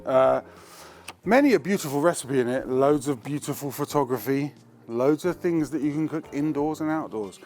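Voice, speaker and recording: A man's voice: mid-range voice, normal speed, darkish tone. A man hosting a cooking show, talking in a slangy, chatty, joking way while he cooks in a kitchen. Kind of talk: casual cooking demonstration.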